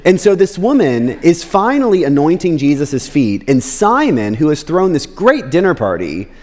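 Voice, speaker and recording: A man preaching a sermon as a pastor, talking casually and often checking in with "right?", and he jumps in pitch when acting out quotes. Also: sing-song, moderate pace, darkish tone, soft background music. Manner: conversational, keeps asking "right?". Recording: long reverb of a large hall.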